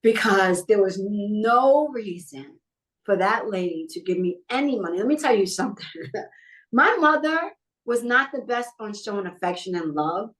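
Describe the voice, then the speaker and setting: A woman's voice: mid-range voice, expressive, moderate pace, a bit bright, rough recording. A middle-aged woman from New York telling a personal story in a podcast interview, acting out what other people said. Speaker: guest.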